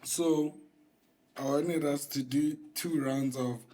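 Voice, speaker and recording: A man co-hosting a podcast, relaxed and chatty, tossing in slang as he talks with friends. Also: a little high, slow pace. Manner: easygoing, says bro and fair a lot. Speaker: podcast co-host. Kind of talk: casual chat.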